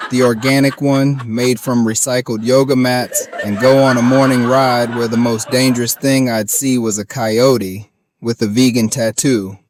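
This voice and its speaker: A young man doing a stand-up comedy monologue in folksy cowboy talk, often laughing through his punchlines. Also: medium pitch. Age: young adult. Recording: noisy background.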